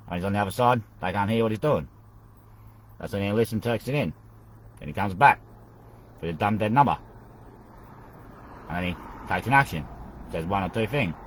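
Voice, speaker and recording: A man's voice: fairly low pitch, low-quality recording. A man hosting his own show, talking in a loose, rambling solo monologue. He repeats phrases over and over and keeps calling the listener "mate". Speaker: podcast host.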